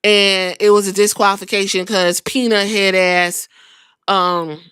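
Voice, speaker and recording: A woman's voice: medium pitch, flat delivery, a little slow, fairly bright tone, clear, resonant tone, no room sound, clean studio sound. A young woman hosting a podcast, recapping wrestling in a sassy, profane, casual way. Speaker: podcast host.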